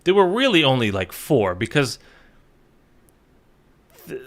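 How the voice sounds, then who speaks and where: A man's voice: medium pitch, very animated, measured pace. Tired male gaming YouTuber, loose rambling commentary to his viewers, mid-range voice. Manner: rambling, frequent fillers, sweary. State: sleepy, short on sleep.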